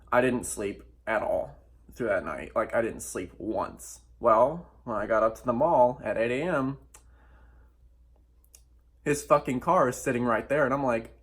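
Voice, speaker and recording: A man's voice: medium pitch, unhurried. A young man telling a personal story in a vlog, candid and emphatic, swearing often and acting out what people said. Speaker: vlogger.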